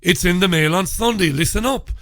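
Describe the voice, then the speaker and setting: A man's voice: high-pitched, fairly quick, a bit bright, no room sound, studio quality. Sarcastic Irish man ranting on radio. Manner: sarcastic, ranting, mock questions. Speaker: radio host. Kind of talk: solo talk radio commentary.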